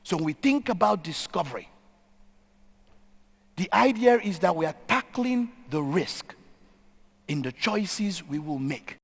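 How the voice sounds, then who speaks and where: A man's voice: high-pitched, expressive, measured pace, gravelly, pauses often, husky. A man giving a conference keynote, telling a story and stressing points by repeating them. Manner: storytelling, emphatic repetition. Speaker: keynote speaker. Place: conference stage in a large hall. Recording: hall reverb.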